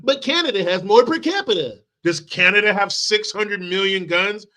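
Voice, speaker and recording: A man's voice: sits high, moderate pace, pushed and bright. A crude, mocking male commentary host. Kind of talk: profane political rant.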